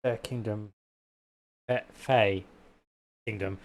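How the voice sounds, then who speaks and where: A man live-streaming a video game at a mid-range pitch. He reacts casually, then reads the on-screen dialogue aloud, tripping over words and starting lines again as he goes. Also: lively intonation, unhurried, long pauses, darkish tone. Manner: reads on-screen text aloud with stumbles and restarts.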